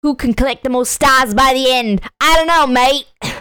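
A woman voicing a chirpy British toad girl in a put-on cockney accent, shrill and dropping "mate" a lot. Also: normal speed, pushed and bright, clear, resonant tone, dry recording, clean studio sound.

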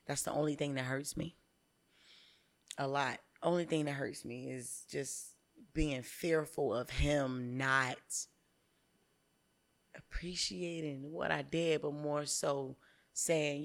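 A woman in her thirties, a comedian guest on a podcast, telling candid stories in an animated, profane way. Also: low voice, slow, creaky.

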